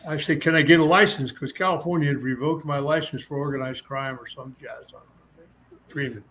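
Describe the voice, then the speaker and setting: Older guy spinning old fight stories, does everyone's voices, slightly high-ish voice, bit of hiss behind. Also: fairly quick, low-quality recording. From United States. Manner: animated raconteur, acts out other people's lines in raised voices, laughs often. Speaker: interview guest, former boxer and actor. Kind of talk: storytelling in casual interview.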